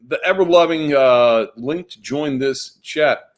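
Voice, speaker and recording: A man talks loosely to his live-stream audience at home. He rambles, circles back and repeats phrases, warm and effusive. His voice sits at an ordinary middle pitch. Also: a little slow. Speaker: fragrance influencer streaming live. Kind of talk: casual live-stream chat to viewers. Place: home room lined with fragrance bottles.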